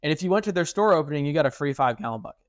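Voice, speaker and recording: A young man co-hosting a podcast in casual chat, animated and acting out quoted speech. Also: a little high, racing, no room sound. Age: young adult. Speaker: podcast co-host.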